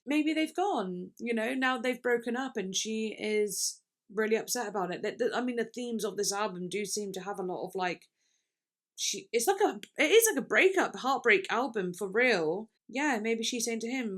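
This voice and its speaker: A woman's voice: medium pitch, animated, normal speed, fairly bright tone. Rambling young woman reacting to music. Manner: rambling, thinks aloud with many fillers. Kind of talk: casual reaction chat.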